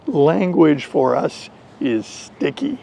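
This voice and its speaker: An American man telling a story slowly and deliberately in an English lesson for learners. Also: a little high. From United States. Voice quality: gravelly. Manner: slow, deliberate, animated storytelling. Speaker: English teacher.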